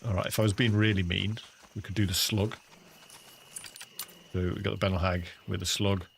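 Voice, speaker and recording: English male game streamer, low and a bit gravelly, loose chatty commentary. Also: flat delivery, normal speed, slight background noise. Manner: chatty, laughs often, calls viewers "mate". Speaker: gaming livestreamer. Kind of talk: casual livestream commentary.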